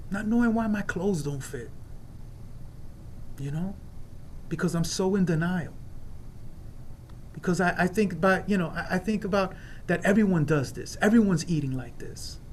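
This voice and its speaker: A man's voice: high-pitched, a little hiss or hum. A man from New York giving an earnest personal share at an online recovery meeting, repeating phrases for emphasis. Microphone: video call.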